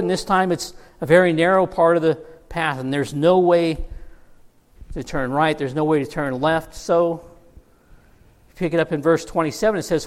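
A middle-aged pastor with a slightly high voice preaches a sermon at a moderate pace, telling a Bible story with humor. He quotes the characters in lively voices, and the recording carries long hall reverb.

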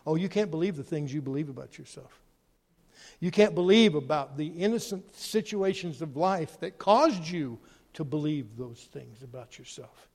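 A man preaching a sermon, animated, swinging between loud emphasis and quiet, hushed asides. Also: on the high side, moderate pace. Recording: long hall reverb.

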